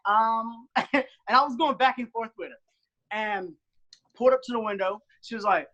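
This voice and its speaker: Young dude guest, bright voice, animated storytelling, casual chat. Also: male voice, high-pitched, moderate pace, lo-fi sound. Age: 20s. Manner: animated storyteller, acts out his own quotes.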